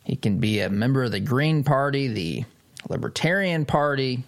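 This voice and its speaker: Sarcastic, animated male commentator. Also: moderate pace, gravelly. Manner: sarcastic, animated, pitch jumps up for emphasis. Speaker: host of a political commentary show. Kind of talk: opinion commentary, reading and reacting to an article.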